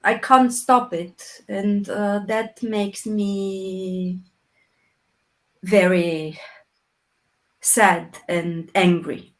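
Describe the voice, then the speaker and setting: A woman from Romania, a guest in an interview, speaking English slowly and reflectively with many pauses and restarts. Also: medium pitch, fairly even intonation, rough recording. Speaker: interview guest, puppeteer and actress. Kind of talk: slow reflective conversation.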